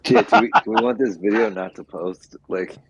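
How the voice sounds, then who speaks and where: A man playing in a tabletop game, cracking deadpan jokes. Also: on the low side, moderate pace, vocal fry, breathy edge, highs cut off. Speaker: player.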